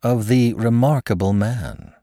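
A man's voice: medium pitch, unhurried, mellow, no room sound, studio quality, voice pushed up. A man doing a sly, teasing young officer.

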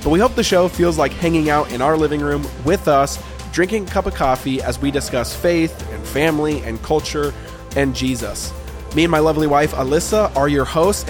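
A man in his thirties co-hosting a casual faith podcast with his wife, talking in an earnest, reflective way with some joking. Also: on the high side. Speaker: podcast co-host.

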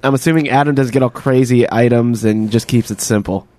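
A man's voice: medium pitch, steady tone, brisk, warm tone, no room sound. A man on a podcast in casual chat, reading out listener mail with easygoing, chuckling asides.

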